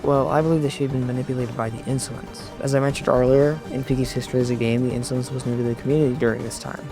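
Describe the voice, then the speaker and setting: A man giving a measured, explanatory scripted narration for an online video essay, recorded close to a mic. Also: medium pitch, steady tone. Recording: voice-over with faint background music.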